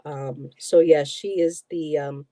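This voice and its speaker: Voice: medium pitch, fairly even intonation, slow pace, mellow, no room sound. A middle-aged host from the Buffalo area, chatting casually and telling stories with lots of "um" and "you know". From Buffalo, New York area. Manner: rambling, emotional storytelling with many fillers. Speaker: host, tarot reader. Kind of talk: casual chat.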